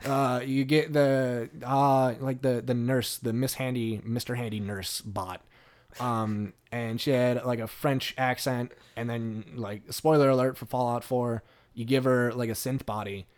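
Male podcast host; casual, animated, profane, rambling delivery. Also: medium pitch, measured pace. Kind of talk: casual chat.

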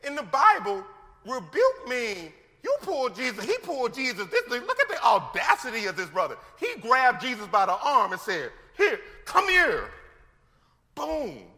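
A male pastor preaches in a high, bright, forceful voice. He talks in lively, slangy bursts and acts out the scenes he describes. His words ring out with the long reverb of a large church hall. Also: moderate pace. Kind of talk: sermon.

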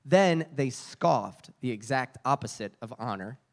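A man's voice: medium pitch, lively intonation, unhurried. A man preaching a sermon, telling stories with frequent restarts and repeated words.

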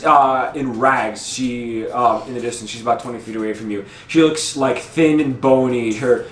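A man's voice: medium pitch, fairly even intonation, moderate pace, a bit bright, slight background noise. Young man game master, echoey room. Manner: hesitant, many ums and restarts. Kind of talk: narrating a tabletop game.

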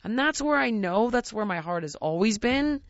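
A woman's voice: on the high side, lively intonation, normal speed, dry recording. Casting: a woman who thinks aloud, earnest and searching and full of restarts, in a dry, slightly dull recording. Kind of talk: candid casual chat.

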